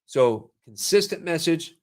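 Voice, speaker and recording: A man hosting a casual live stream about marketing, energetic and salesy, with quick asides to viewers. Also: on the high side. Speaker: marketing show host.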